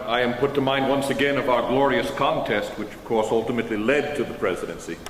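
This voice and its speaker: A stately, formal George Washington, as a re-enactor plays him, speaking in old-fashioned phrasing at an even middle pitch. The voice rings through a large auditorium with a long tail of reverb and a faint hum underneath. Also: male voice, lightly acted. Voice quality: formal eighteenth-century diction. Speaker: historical re-enactor. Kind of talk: in-character stage Q&A. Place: high school auditorium stage.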